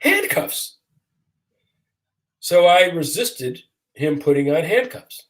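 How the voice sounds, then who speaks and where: A man's voice: fairly high pitch, animated, unhurried, darkish tone. A man in his sixties from Michigan, a guest attorney telling a story with self-deprecating humor over a video call. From Michigan, USA. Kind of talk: storytelling in a casual interview.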